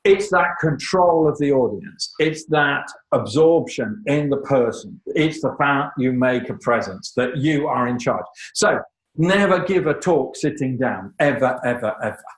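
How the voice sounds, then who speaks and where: A man giving a lively, emphatic lecture on public speaking, with joking asides to the audience. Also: medium pitch, unhurried, roomy sound, low-quality recording. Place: lecture room.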